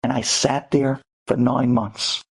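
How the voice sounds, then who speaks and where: A man, a rabbi telling an inspirational story, animated and swinging between hushed and soaring tones, with Hebrew terms mixed in. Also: medium pitch, slow pace, vocal fry, breathy edge. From United States. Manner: sprinkles Hebrew terms into speech.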